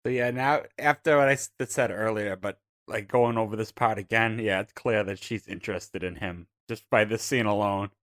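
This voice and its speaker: A man's voice: lowish voice, moderate pace, few pauses, fairly bright tone, dry recording. A man co-hosting a casual podcast who drops dry, offhand jokes. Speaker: podcast co-host.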